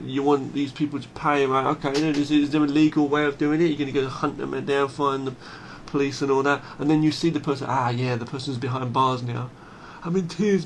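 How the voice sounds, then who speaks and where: A man's voice: on the high side, gravelly, slight background noise. A man talking straight to camera in a blunt, emphatic monologue, swearing freely and often restarting his phrases. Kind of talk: unscripted monologue.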